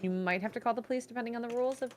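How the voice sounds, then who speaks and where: A woman in casual chat on a stream, reacting with sympathy and quick expressive exclamations. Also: on the high side, soft background music. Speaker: stream co-host.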